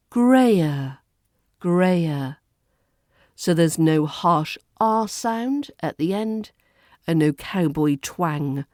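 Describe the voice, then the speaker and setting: English rp woman, accent coach, low-ish voice, very slow and deliberate. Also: a little mellow, no echo, studio quality. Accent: southern English RP. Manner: models sounds slowly and repeats example words. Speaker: accent coach and podcast host. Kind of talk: slow, clearly enunciated pronunciation lesson.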